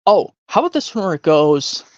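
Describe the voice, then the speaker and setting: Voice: medium pitch, sing-song, brisk, no room sound, dull audio. A streamer hosting a voice-impressions game, chatting casually and rambling, thinking aloud with hums and restarts.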